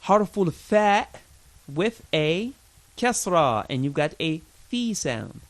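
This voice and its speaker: A man's voice: on the high side, sing-song, takes it slowly. A man teaching an Arabic lesson, patiently drilling pronunciation with lots of repetition, chatty and informal with his learners. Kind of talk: recorded language lesson.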